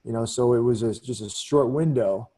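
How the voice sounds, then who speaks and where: A man's voice: mid-range voice, normal speed, warm tone. A middle-aged man, a former Army captain, telling a candid story in a casual interview, full of "you know" and "man.".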